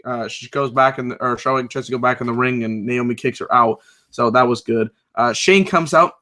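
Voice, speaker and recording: A man's voice: medium pitch, fairly quick, pushed and bright. A young man casually recapping a wrestling show, rambling with lots of fillers and side remarks. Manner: loose, rambling, many fillers, reads live chat aloud.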